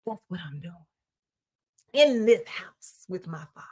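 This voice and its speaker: A woman's voice: fairly low pitch, lively intonation, a little slow, a little mellow, husky. A woman reverend and host preaching conversationally on a Bible passage, emphatic and colloquial, firing off rhetorical questions. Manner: colloquial, with repeated restarts.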